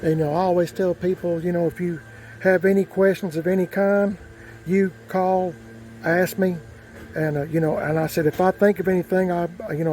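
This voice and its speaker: A man with a drawl rambles through a story in a folksy way, full of fillers and restarts. His voice sits a bit high for a man. Faint outdoor ambience runs behind him. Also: a little mellow, slight background noise, poor audio. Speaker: vlogger. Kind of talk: casual storytelling.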